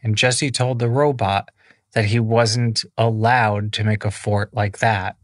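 A man's voice: fairly low pitch, fairly even intonation, a little slow, dry recording, clean studio sound. A man improvising a children's bedtime story in a casual, rambling way with many fillers.

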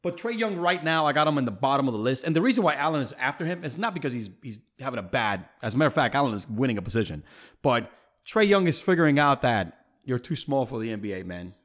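A man hosting a sports talk show, his pitch swinging up and down as he makes his points. He talks emphatically and leans on casual slang. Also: quick pace. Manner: animated, emphatic, street slang. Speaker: podcast host.

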